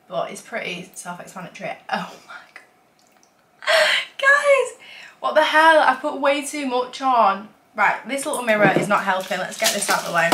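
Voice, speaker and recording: A woman's voice: medium pitch, sharp tone, reverberant, slight background noise. A young woman chatting casually and giggling as she tries on outfits and does her makeup for a get-ready-with-me vlog, filmed on a camera set down nearby in a room at home. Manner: chatty, giggly, self-deprecating. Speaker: vlogger.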